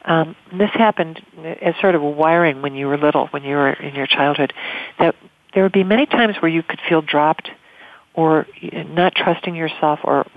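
A calm channeler leading a caller through guided counseling, unhurried and gentle, referring to themselves as "we". The voice sits at a middling pitch. It comes through a narrow, phone-like band. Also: no echo. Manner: slow, soothing, speaks as a collective "we". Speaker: radio host and channeler. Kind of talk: guided spiritual counseling on a call-in show.

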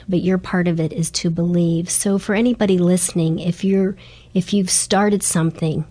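A woman's voice: on the low side, warm tone, slightly rough. A middle-aged woman, a guest in an interview, telling her stories earnestly and with animation. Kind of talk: storytelling interview chat.

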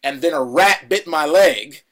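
Rambling actor telling a set story. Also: male voice, on the high side, animated, a little slow. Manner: rambling, many restarts, acts out a shouting director. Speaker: actor guest. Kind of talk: casual interview anecdote.

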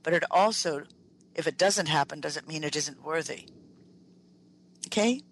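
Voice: medium pitch, measured pace, a bit bright, low-quality recording. A radio host giving an emphatic lecture-style talk as a workplace trainer, repeating key phrases and speaking straight to the listeners.

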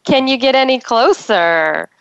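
Slow-talking woman radio co-host. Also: fairly high pitch, animated, gravelly, a bit bright, clear, resonant tone, no room sound. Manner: easygoing, laughs along, prompts the guest. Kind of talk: casual radio chat. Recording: dull lo-fi radio sound.

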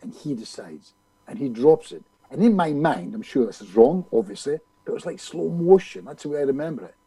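A man, a hypnotist being interviewed, telling a story in an animated way and acting out other people's lines. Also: on the high side, fairly quick, vocal fry, rough recording. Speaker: hypnotist guest.

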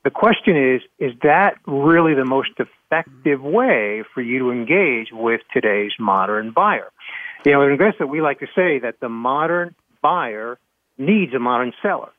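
A man talks as a radio panelist, animated and emphatic, sometimes repeating a word as he builds his point. His voice comes through a tinny phone line with a dry, close sound. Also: medium pitch, measured pace, no room sound. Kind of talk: conversational radio talk.

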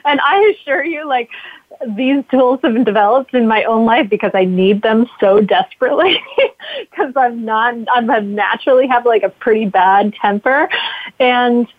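Middle-aged woman guest, animated, laughs a lot; dry tinny phone-line sound. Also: a little high, moderate pace, dry recording. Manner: lively, laughs often, acts out quoted feelings. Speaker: guest, mindful parenting author. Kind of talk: casual interview talk.

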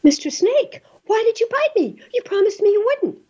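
A woman voicing a wary male turtle in a fable, raising her voice high when he complains. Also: very animated, normal speed, dark tone, lo-fi sound. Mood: plaintive.

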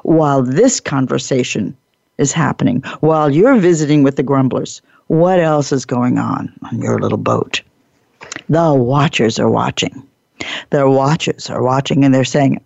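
A woman podcast host telling a workplace parable in an animated, playful way, laughing often and acting out the characters. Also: extremely low pitch, a little slow, gravelly, no echo, highs cut off. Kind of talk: storytelling lecture.

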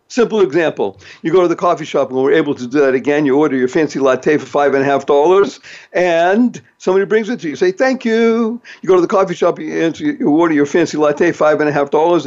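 A man's voice: on the high side, a little mellow, dull audio. A man hosting a motivational talk show, speaking in an upbeat, emphatic way and playing with words. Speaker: host.

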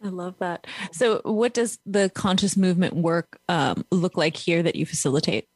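A woman's voice: lowish voice, normal speed, no room sound. A woman with a New York accent hosting an interview, affirming her guest and laughing often. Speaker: podcast host. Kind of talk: casual interview.

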